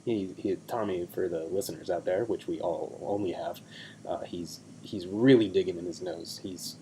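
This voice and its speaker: A man's voice: sits low, moderate pace, slight background noise. Young man rambling on a video call. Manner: rambling, self-deprecating, trails off quietly. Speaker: podcast co-host. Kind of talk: casual chat.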